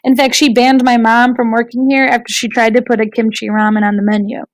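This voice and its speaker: An earnest teenage girl speaks softly and sincerely, as a woman reading a storybook puts her on. Her voice sits fairly high. The sound is dry and close. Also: level tone, brisk, dry recording, close to an everyday voice. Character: earnest teenage girl working at ramen shop.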